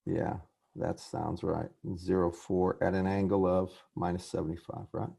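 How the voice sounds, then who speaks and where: A man teaching a class over a video call, his voice low, gravelly and husky. He often stops mid-thought to correct himself and say sorry, then goes on. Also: flat delivery, normal speed, dark tone. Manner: apologetic, restarts and self-corrections. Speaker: professor. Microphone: computer mic on a video call.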